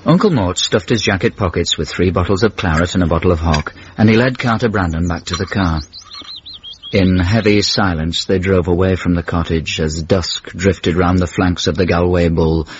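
A man narrating a radio comedy in a measured storytelling delivery. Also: low-pitched, slight background noise. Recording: dull radio recording.

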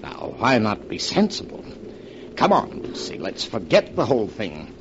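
A low-voiced scheming husband from an old radio play, smooth and guarded, his pitch swinging wide when pushed, all on a dull lo-fi old broadcast recording. He sounds like a man hiding something. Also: wildly swooping pitch, normal speed, a little hiss or hum. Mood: urgent, threatening. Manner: smooth, then sharp and tense when cornered. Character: scheming husband, middle-aged man, guilty and menacing. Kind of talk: 1940s radio acting.

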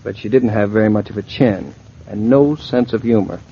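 A man's voice: lowish voice, moderate pace, slightly rough. An actor playing a newlywed husband, bantering playfully with his wife in vintage film dialogue, on dull lo-fi audio.

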